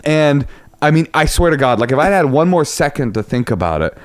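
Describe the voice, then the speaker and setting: A man's voice: a little high, big pitch swings, fairly quick, no echo. A male comedian telling a long story in casual podcast chat, acting out quotes in other voices.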